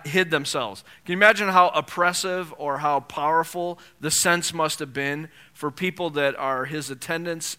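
A man's voice: fairly high pitch, bright, forceful tone, clean tone. A man preaching a sermon in a conversational way, often asking the congregation rhetorical questions and lifting his voice when he reads scripture. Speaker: pastor.

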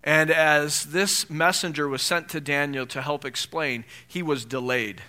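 A man's voice: fairly high pitch, steady tone, unhurried, bright, forceful tone. A man preaching a sermon in a conversational way, often asking the congregation rhetorical questions and lifting his voice when he reads scripture. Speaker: pastor.

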